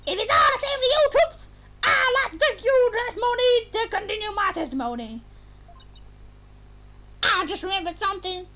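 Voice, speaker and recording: A woman voicing a tiny, bossy girl army sergeant in a shouted military bark. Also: very high-pitched, lively intonation, moderate pace, long pauses, voice pushed up, exaggerated voice.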